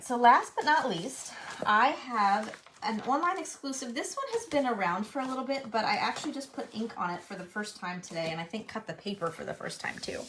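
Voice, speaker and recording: A woman's voice: medium pitch, a bit bright, a little hiss or hum. A woman chatting in a casual, enthusiastic way as she shows her handmade cards, sometimes thinking aloud. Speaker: card-making demonstrator. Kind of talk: casual show-and-tell crafting video.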